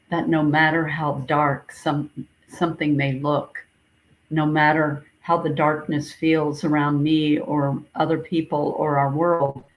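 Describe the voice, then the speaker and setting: A woman minister giving a sermon, gently recounting a dream in a reflective, repetitive storytelling way. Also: sits low, poor audio. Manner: slow, gentle, reflective storytelling with repeated phrases.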